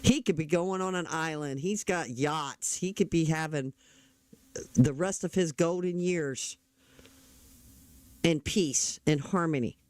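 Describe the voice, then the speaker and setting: A man's voice: a little high, takes it slowly, pauses often, dry recording. A middle-aged man talking politics in a casual, blunt, opinionated way, often restarting his sentences. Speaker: political commentator.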